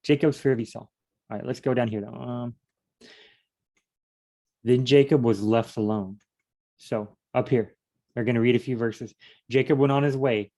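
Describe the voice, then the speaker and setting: A man leading a casual solo Bible study, reading verses aloud and then musing on them out loud with questions. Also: mid-range voice, steady tone, moderate pace, pauses often.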